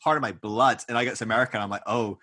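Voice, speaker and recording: A man's voice: mid-range voice, very fast. A Scottish man hosting a podcast interview, talking casually and animatedly and laughing often. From Scotland. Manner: animated, laughs often, quotes himself in mock voices. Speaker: podcast host.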